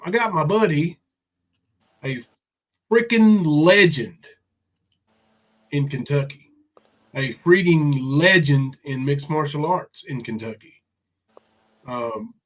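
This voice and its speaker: A man's voice: medium pitch, a bit bright, low-quality recording. Stuffed-up man hosting a live stream. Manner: loose, rambling, swears casually. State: stuffed up nose. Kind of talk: casual live stream chat.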